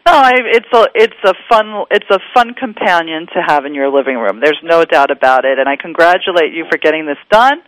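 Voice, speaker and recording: A woman's voice: low voice, animated, brisk, few pauses, a bit bright. A woman from the East Coast hosting a radio interview, speaking with a New York accent. She is chatty and teasing, laughs often and gushes over her guest, and her voice sounds dry and close with no room echo. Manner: giggly, teasing, effusive. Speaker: radio show host.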